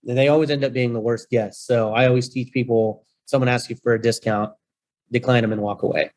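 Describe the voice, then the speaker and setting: A man of Mexican heritage, a rental-business guest on a podcast, telling a story in a playful, animated way with acted-out quotes. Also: medium pitch, fairly quick. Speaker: guest, short-term rental host. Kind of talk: casual storytelling.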